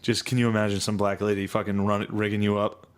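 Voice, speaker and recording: A young man with a somewhat low voice joins a casual comedy podcast as co-host. He keeps the banter going with crude jokes and riffs. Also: flat delivery, fast, clear, resonant tone. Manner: crude, joking banter with laughs.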